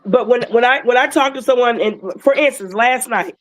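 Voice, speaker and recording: A woman telling a client's story in a casual, animated way, with emotional moments. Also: on the high side, moderate pace, rough recording. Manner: animated, emotional retelling with acted quotes. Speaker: wellness patch seller sharing a client story.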